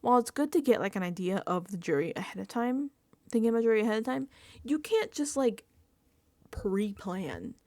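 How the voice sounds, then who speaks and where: A woman giving a casual, emphatic reality-show recap and reaction, talking fast with lots of fillers. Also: a little high. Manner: animated, emphatic, filler-heavy chatter. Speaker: recap vlogger.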